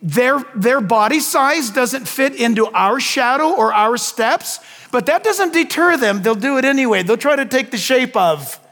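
A man's voice: extremely high pitch, animated, unhurried, a bit bright, big-room sound. An older man preaching a sermon to his congregation, asking them questions and adding folksy asides about grandchildren. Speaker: pastor.

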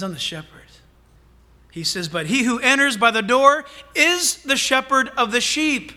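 A man preaching a sermon as a pastor, animated and humorous, with asides to the congregation. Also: extremely high pitch.

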